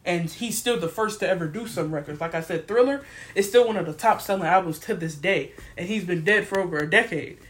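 A young woman guest on a podcast, talking in an emphatic, animated, slangy way. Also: lowish voice, a little fast. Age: young adult. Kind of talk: casual podcast chat.

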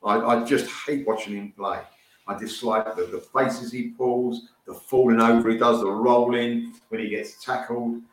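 A man's voice: medium pitch, little pitch movement, normal speed. A man on a football podcast, opinionated and indignant, his voice picked up from a distance. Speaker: podcast panelist. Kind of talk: casual chat. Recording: distant echoey mic.

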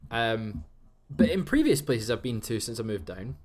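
Very animated at a medium pitch, a young male co-host talks at a normal speed on a podcast. His casual storytelling includes performing quoted exchanges.

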